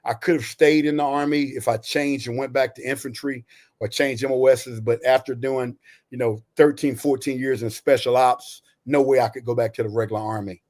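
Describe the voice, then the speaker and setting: A man in his sixties from Texas, a retired Army veteran, telling his story in a podcast interview in an animated, folksy way. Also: medium pitch, a little fast. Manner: animated, folksy, says "you know" and "right?" often.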